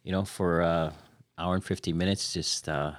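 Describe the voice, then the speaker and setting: A man's voice: low voice, steady tone, normal speed, dry recording, clean studio sound. A man hosting a podcast, asking eager questions in a casual chat. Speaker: podcast host.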